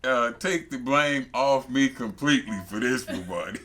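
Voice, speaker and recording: A man's voice: medium pitch, moderate pace, sharp tone. A man hosting a casual chat, laughing hard and chiming in with short remarks. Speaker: host.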